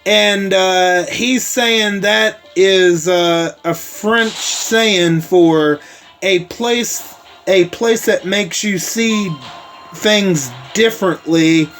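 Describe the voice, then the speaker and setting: A man with a fairly high voice hosts a laid-back spoken episode recap. He takes his time, leaning on "like" and "uh" as he rambles through the story. Faint music plays underneath. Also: very slow, a bit bright. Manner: rambling, heavy on fillers like "like" and "uh", with casual swearing.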